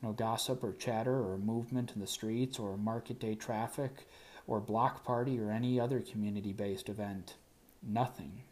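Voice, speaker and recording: Low-voiced man reading an audiobook. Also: steady tone, moderate pace, darkish tone. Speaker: audiobook narrator. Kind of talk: audiobook narration in first person.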